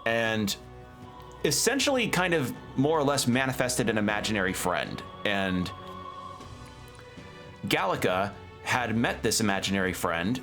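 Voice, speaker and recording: Low-voiced man in rambling streamer chat. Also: sing-song, measured pace, long pauses, fairly bright tone, faint music behind. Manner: rambling, chatty recap with fillers. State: talking around a toothpick. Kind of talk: casual gameplay commentary.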